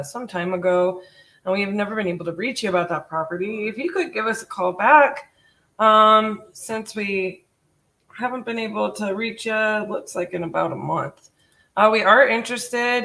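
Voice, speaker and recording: A woman's voice: mid-range voice, a bit bright. A woman leaving casual, friendly voicemails for a seller, with many fillers, then chatting in the office. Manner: friendly, filler-heavy, reads numbers slowly. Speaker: real estate wholesaler leaving seller voicemails.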